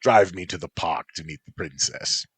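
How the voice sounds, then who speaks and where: A man voicing a gruff, teasing male tengu bodyguard who speaks in a dry, mocking, unhurried way, in a storybook reading. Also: sits low, a bit bright, heavily acted.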